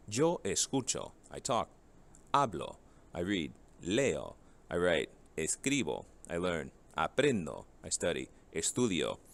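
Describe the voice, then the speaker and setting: Very deep-voiced man teaching vocabulary. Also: fairly bright tone. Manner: reads English words, then Spanish, asks rhetorical questions. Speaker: Spanish teacher. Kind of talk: vocabulary lesson.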